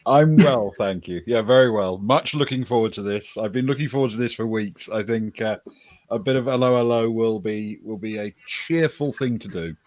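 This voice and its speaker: A man's voice: fairly low pitch, moderate pace, darkish tone, dry recording. A man chatting casually as a player on a tabletop game stream, with dry humour.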